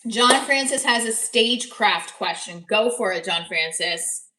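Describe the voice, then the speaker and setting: A woman's voice: mid-range voice, measured pace, pushed and bright, roomy sound, a little hiss or hum, rough recording. A woman comedian with a New Jersey accent, chatting casually on a live stream, blunt and profane, reading viewer comments aloud.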